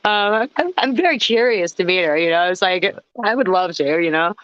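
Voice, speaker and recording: A woman guest vocalist telling stories in a casual interview, animated and acting out the people in them. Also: on the low side, moderate pace, clean tone, no echo, dull audio. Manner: animated, acts out voices in anecdotes.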